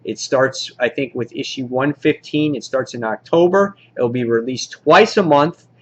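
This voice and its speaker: A man casually reviewing a comic book, rambling excitedly and acting out the characters' lines. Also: mid-range voice, moderate pace, muffled recording.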